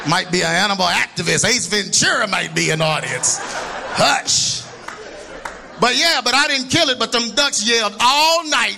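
A man preaching a sermon in a very high, gravelly voice that swoops up and down. He takes his time, jokes, laughs and suddenly shouts. A congregation murmurs faintly behind him. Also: animated, normal speed, a faint crowd. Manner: joking, laughing, bursts into shouts. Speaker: pastor. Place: church before a congregation.

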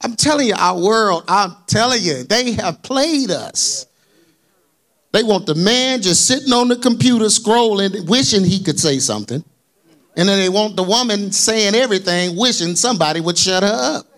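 A man preaching a sermon in a colloquial, animated way, asking the congregation for amens. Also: high-pitched, moderate pace. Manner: colloquial, dropped verbs and y'all.

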